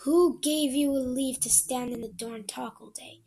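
A woman reading aloud voices a bossy household cook who talks in a sharp, scolding way. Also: high voice, unhurried, a little hiss or hum.

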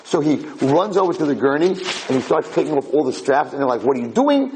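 A man telling a dramatic story in a lecture, animated and acting out the characters' voices. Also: a little high, fairly quick, a little hiss or hum, low-quality recording.

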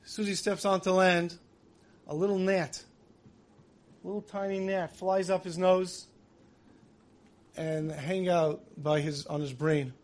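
High-voiced man preaching dramatically. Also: steady tone, a little slow, long pauses. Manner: vivid, acts out quoted voices. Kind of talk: dramatic sermon storytelling.

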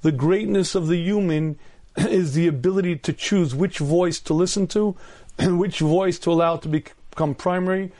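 A man in his fifties, a rabbi giving a storytelling Torah lecture, often clearing his throat and using humor. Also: sits high, normal speed, a little mellow. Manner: humorous, acts out voices in anecdotes.

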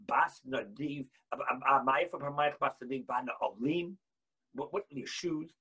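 Husky, impassioned rabbi teaching a lesson. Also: male voice, medium pitch, measured pace, rough recording. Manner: impassioned, swings from quiet to shouting. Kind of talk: Torah lesson.

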